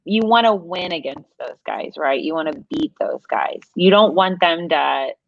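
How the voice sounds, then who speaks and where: A woman host chatting casually, playful and quick with asides. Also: fairly low pitch, expressive, vocal fry, no room sound, highs cut off. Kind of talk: casual chat.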